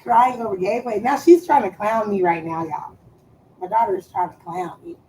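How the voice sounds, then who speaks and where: A woman's voice: medium pitch, normal speed, dark tone, slight background noise, poor audio. A woman streaming live, chatting casually in a profane, teasing way and drawing out words for emphasis.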